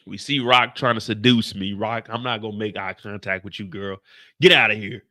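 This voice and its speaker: A young man from Kansas City hosting a casual livestream, talking loud and jokey and pushing his voice up to entertain. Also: fairly low pitch, steady tone, moderate pace. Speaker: host of a TV show recap livestream.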